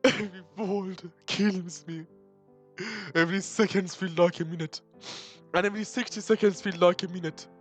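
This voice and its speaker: A man's voice: high-pitched, fairly even intonation, normal speed, fairly bright tone, soft background music. Joking, swearing young man reading a visual novel. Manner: swears and jokes between dramatic reading.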